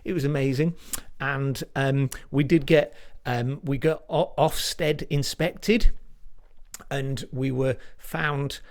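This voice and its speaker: A man's voice: medium pitch, fairly even intonation, slow. Rambling self-deprecating male comedian. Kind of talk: stand-up comedy set.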